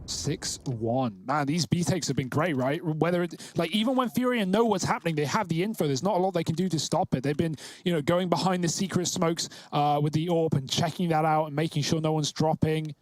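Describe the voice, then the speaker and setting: Brisk male esports caster. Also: a little high, no echo. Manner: quick, chatty, explains tactics. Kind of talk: live play-by-play commentary.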